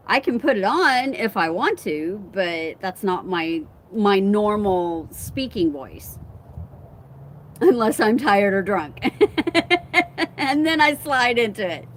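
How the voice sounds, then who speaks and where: Woman host, slow unhurried chat, faint Southern Illinois accent on some words, storytelling. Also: mid-range voice, big pitch swings, a little hiss or hum. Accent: faint Southern Illinois, on certain words. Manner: chatty, storytelling, agreeable asides. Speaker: host chatting with viewers. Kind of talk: casual chat.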